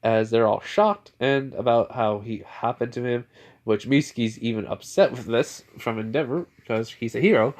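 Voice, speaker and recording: A man's voice: medium pitch, moderate pace, a little mellow. A young man telling an improvised fan fiction story, rambling with lots of fillers.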